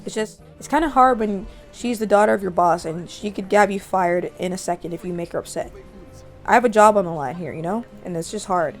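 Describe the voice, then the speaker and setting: A woman's voice: mid-range voice, fairly quick, faint music behind, natural voice. A woman voicing a nervous young man, a sound engineer who talks in a hesitant, defensive, apologetic way.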